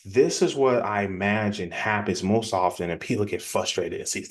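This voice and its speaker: A man delivering a lively teaching session on selling, talking plainly and with energy. His voice sits on the lower side. He keeps the pace brisk and chatty, like a coach talking straight to the viewers. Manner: energetic, acts out quick example dialogues; conversational, plainspoken. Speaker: business coach. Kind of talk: casual teaching presentation.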